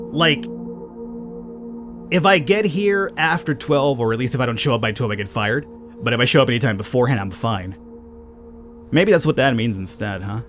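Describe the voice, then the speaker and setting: Chatty low-voiced man narrating gameplay. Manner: chatty, rambling, talks to the game characters. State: panicked, high and urgent. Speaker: let's play gamer. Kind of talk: casual gameplay commentary.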